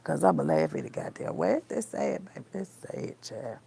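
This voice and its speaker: A woman's voice: low-pitched, huge pitch swings, normal speed, vocal fry, dark tone, slightly rough. A woman vlogger talking casually to her viewers while braiding her hair, blunt and rambling, calling them baby and child and trailing off into mutters.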